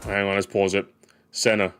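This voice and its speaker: A man's voice: fairly low pitch, little pitch movement, normal speed, music in the background. A man hosting a casual gaming livestream, rambling jokily, repeating phrases and calling his viewers gamers. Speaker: livestream host.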